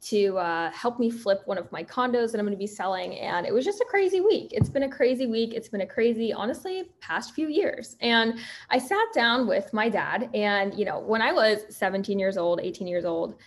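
A young woman in her twenties hosts a solo podcast and tells a personal story. She talks in an animated, chatty way and slips into other people's voices when she quotes them. Her voice sits in a middle pitch. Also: normal speed. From Pennsylvania. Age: 20s. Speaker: podcast host and fitness coach.

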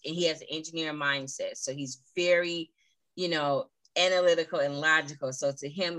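A woman in her thirties talks as an interview guest over a video call, telling her own story. Her voice sits low but has a bright, forceful edge. She speaks in an earnest, heartfelt way with plenty of fillers, and the sound is dry and close. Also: no room sound, poor audio. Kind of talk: personal story in a remote interview.

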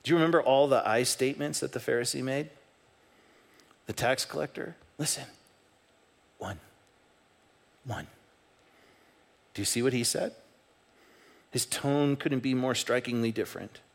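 A man's voice: medium pitch, measured pace, creaky, long pauses. A man preaching a sermon as pastor, talking in a conversational way and acting out the voices in his stories. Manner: animated, conversational, acts out quoted voices. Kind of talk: sermon with storytelling. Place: church sanctuary.

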